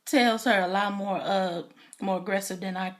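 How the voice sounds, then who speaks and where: A woman's voice: medium pitch, steady tone, normal speed. Chatty woman recapping a TV episode. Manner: chatty, enthusiastic, filler-heavy. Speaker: YouTube TV recap reviewer.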